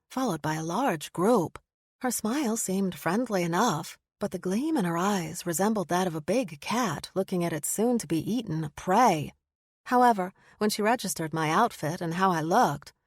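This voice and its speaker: A woman narrating a first-person audiobook in a measured, expressive storytelling manner, close to the mic. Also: fairly low pitch, no room sound.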